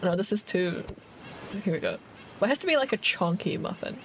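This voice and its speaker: Giggly woman streamer with a lively voice. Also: mid-range voice, fairly quick, a little hiss or hum, rough recording. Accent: non-standard accent. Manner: giggly, laughs constantly while reading chat. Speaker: streamer playing a game. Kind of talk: casual live-stream chat.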